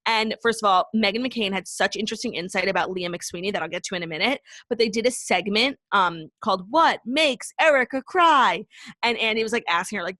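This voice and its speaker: A woman's voice: mid-range voice, pushed and bright, no room sound. A young woman co-hosting a podcast, gossiping in casual chat with lots of "like" and some swearing. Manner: fast gossipy talk, heavy "like" filler, swearing. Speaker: podcast co-host.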